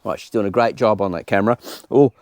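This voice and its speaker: A man's voice: fairly low pitch, fairly even intonation, very fast, no room sound. An Australian man chatting informally while working in his garden, explaining as he goes in a casual gardening tutorial. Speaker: home gardener host. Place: outdoor home garden.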